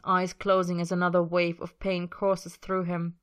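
A woman reading a story aloud in a measured, emotive way. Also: on the low side, completely flat delivery, a bit bright, clear, resonant tone. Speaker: story reader. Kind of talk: audiobook-style fiction reading.

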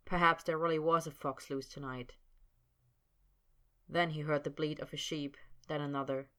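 Woman narrator, low and bright, steady scripted audiobook reading. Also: normal speed.

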